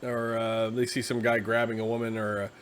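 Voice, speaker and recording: A tired man hosting a casual, rambling explanation of a tabletop game class, slipping into quick acted asides. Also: medium pitch, little pitch movement. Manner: conversational, acts out quick quoted asides. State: tired, yawning.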